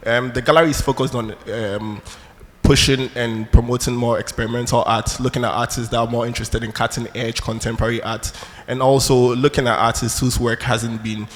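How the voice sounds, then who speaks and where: A man introducing himself as a gallery director on a panel in a large hall, formal and measured. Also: medium pitch, flat delivery. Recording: long hall reverb, faint noise.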